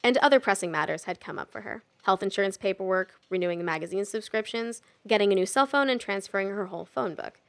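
Gravelly woman reading a story. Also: mid-range voice, fast talker, hardly any pauses, fairly bright tone. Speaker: audiobook narrator. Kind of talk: scripted narration.

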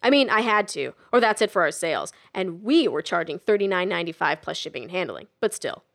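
A woman voicing a brash, smug man who sells kitchen gadgets, talking in a loud, boastful showman pitch. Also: big pitch swings, fairly quick, vocal fry.

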